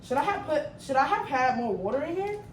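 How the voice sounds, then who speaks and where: Woman in her 20s, storytime vlog, slangy and animated, echoey room, distant mic, faint background noise. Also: sits high, a little fast. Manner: animated, slangy, swings loud when retelling. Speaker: vlogger. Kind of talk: storytime vlog while cooking. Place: home kitchen.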